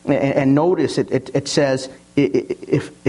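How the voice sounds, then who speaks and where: A man preaching a sermon, stumbling over and repeating words as he tells stories, and reading scripture slowly with emphasis. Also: medium pitch, fairly even intonation, dark tone, slightly rough, poor audio. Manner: repeats words and restarts often, storytelling.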